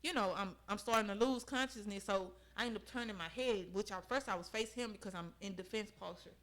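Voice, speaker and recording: A woman's voice: mid-range voice, fast talker, a bit bright. A young woman, a podcast guest, earnestly recounting a personal story in conversation and often checking in with her listeners.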